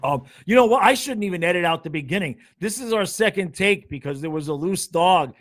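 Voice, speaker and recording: A man's voice: high-pitched, animated, fairly quick, a bit bright. A man with a slightly raised voice hosts a casual sports chat over a video call. He rambles, laughs easily and pokes fun at his own show. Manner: laughing, rambling, self-mocking. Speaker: show host.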